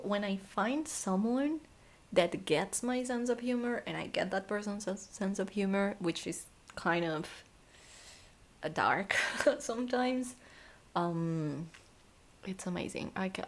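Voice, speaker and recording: Sleepy and yawning, a young woman answers fan questions in a casual vlog. Her mid-range voice is a little slow, often drifting into soft whispers and frequent laughter.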